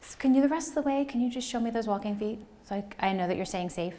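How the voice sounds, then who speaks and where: A woman putting on a gentle elementary school teacher voice, soft, coaxing and sing-song. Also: on the high side, quick pace, slight background noise, lightly acted.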